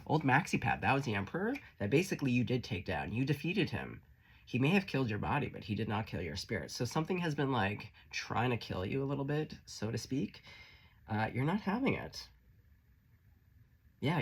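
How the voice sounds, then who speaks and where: A man's voice: mid-range voice, husky. A man giving a casual tarot reading, chatty and encouraging, swearing freely. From Canada. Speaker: tarot reader.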